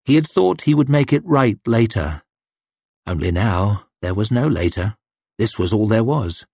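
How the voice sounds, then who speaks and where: A man's voice: on the low side, expressive, measured pace, darkish tone, husky, dry recording. A man narrating an audiobook in a tense, dramatic reading style. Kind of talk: scripted narration.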